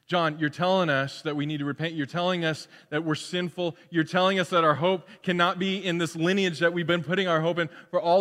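Animated preacher man in a reverberant hall. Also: a little high, fairly quick, few pauses. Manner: animated, acts out crowd and John in playful asides. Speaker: pastor. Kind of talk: sermon.

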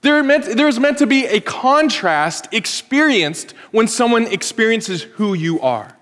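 High-voiced joking preacher in a reverberant hall. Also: male voice, a little slow. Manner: conversational, joking, animated preacher. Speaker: pastor. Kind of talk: sermon.

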